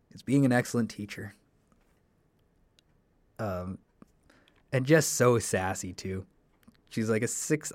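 Excited young man, dry close sound. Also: on the low side, no echo. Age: young adult. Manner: enthusiastic, rambling. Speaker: solo podcast host, broadcasting student. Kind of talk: casual solo podcast monologue.

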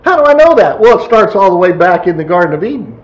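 A man preaching a sermon in a folksy, animated way, acting out quotes. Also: high voice, fast talker. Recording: echoey room.

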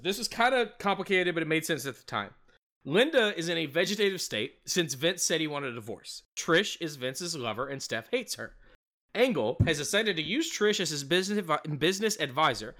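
A man's voice: fairly high pitch, big pitch swings, fairly quick, bright, forceful tone. A man hosting a casual podcast, recapping events with loose swearing and laughs. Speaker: podcast host recapping a wrestling show. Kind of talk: casual chat with recap narration.

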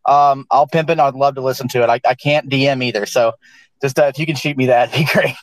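A man's voice: mid-range voice, fairly even intonation, fast talker, no room sound, low-quality recording. A man with a Southern US accent, chatting casually and rambling, full of "dude" and "like.". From American South. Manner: rambling, says "dude" and "like" a lot. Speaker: guest speaker. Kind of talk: casual live audio chat.

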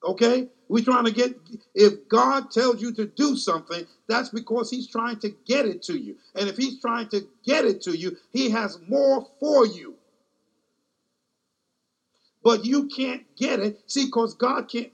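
Husky high-voiced male preacher. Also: unhurried. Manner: emphatic, repeats phrases and questions the congregation. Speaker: pastor. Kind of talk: sermon with closing prayer.

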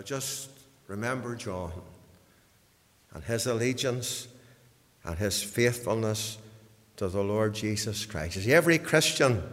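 A man preaching a sermon, swinging from hushed passages to loud, high bursts and repeating words as he builds up. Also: big-room sound.

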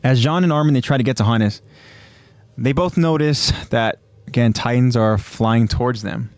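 Excitable man recapping an anime. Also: mid-range voice, no room sound. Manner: animated, quick to jump ahead, loose fillers. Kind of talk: casual recap narration.

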